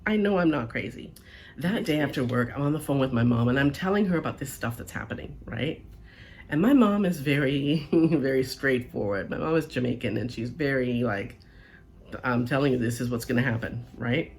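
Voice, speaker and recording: A woman's voice: very deep voice, moderate pace. A woman telling a personal story in a casual, chatty way, often checking in with the listener. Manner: chatty, animated, keeps checking in with "right?" and "okay?".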